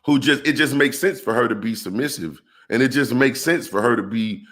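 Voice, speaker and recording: A man giving an animated monologue on relationships, calling out to his viewers like a preacher and asking rhetorical questions. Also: mid-range voice, brisk. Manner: preacher-like call-outs to the audience. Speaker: relationship commentator.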